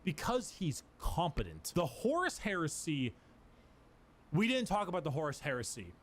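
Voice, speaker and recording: Lively sardonic male lore narrator. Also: a little high, normal speed, a little hiss or hum. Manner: playful, sardonic, punchline delivery. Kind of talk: scripted comedic lore narration.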